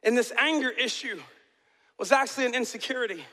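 A middle-aged man preaching a sermon as pastor in a large church, swinging from impassioned shouts to soft, intimate talk. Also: very high voice, brisk. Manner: passionate, builds to shouting then drops to soft and intimate. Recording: long reverb of a large hall.

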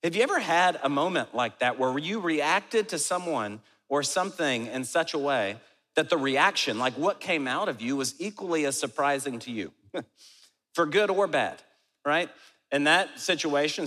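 A middle-aged man preaching a sermon as pastor, moving from prayer into an animated, lively story. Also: fairly high pitch, moderate pace. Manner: animated storyteller, acts out quotes. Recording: hall reverb.

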